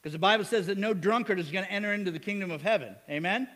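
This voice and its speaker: High-voiced lively male preacher. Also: rapid-fire, long reverb tail. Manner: lively, asks the congregation "amen?", chuckles often. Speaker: pastor. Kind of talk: sermon.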